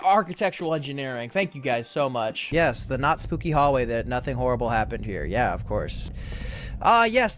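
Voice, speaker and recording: A man's voice: mid-range voice, a bit bright. A man giving let's play commentary in a sarcastic, exasperated way, swearing often. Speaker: gaming video creator.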